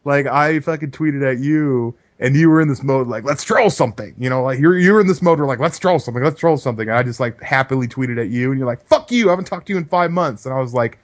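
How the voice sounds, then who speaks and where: A man's voice: mid-range voice, fast talker, few pauses. Laid-back rambling podcast man. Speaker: podcast co-host. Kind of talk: casual profane chat.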